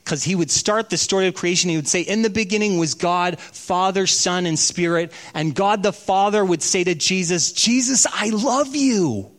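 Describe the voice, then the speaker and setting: A man preaching a sermon, telling stories and slowing down for emphasis. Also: high voice, fairly even intonation, a bit bright. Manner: storytelling, slows down for emphasis. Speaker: pastor.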